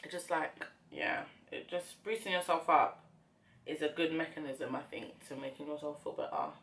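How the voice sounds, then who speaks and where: A woman's voice: low-pitched, moderate pace, a bit bright, a little hiss or hum. A young woman vlogger chatting casually while doing her makeup, talking in a reflective, rambling way with many fillers. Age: young adult. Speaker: beauty vlogger.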